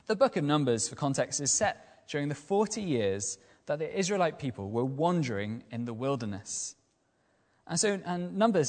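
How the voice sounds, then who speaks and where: Guy preaching a sermon, lively and questioning, long church reverb. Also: a little high. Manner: lively, rhetorical questions and repetition. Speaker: lay preacher.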